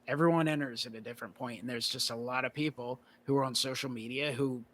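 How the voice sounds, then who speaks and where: Bright-voiced male guest, rambling casually. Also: mid-range voice, fast. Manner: relaxed, rambling, many fillers like "you know". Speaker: guest, card collector. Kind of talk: casual conversation.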